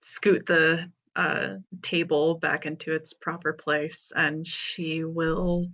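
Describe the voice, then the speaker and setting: Soft-spoken young woman player, slow, muffled recording. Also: deep voice, flat delivery. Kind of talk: casual tabletop play.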